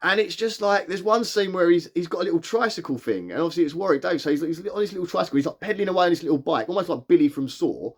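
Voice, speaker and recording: A man's voice: high voice, animated, racing, hardly any pauses. A man giving a casual film review, enthusiastic and rambling, with frequent restarts and fillers. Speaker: movie reviewer.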